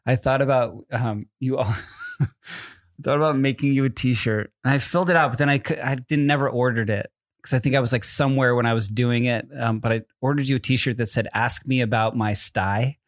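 A man's voice: medium pitch, brisk, dry recording. A man co-hosting a podcast, chatting casually with dry, teasing humor. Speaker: podcast co-host. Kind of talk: casual chat.

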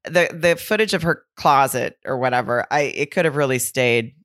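A woman co-hosting a podcast in relaxed casual chat, wry and quick to laugh. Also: extremely low pitch, no echo, studio quality. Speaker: podcast co-host. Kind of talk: casual chat about reality TV.

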